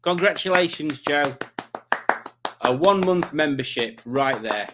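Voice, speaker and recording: A man's voice: on the high side, expressive, a little slow, heavy background noise. A man hosting a live stream, chatting casually and joking while reading out viewer comments. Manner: playful, jokey, chatty asides.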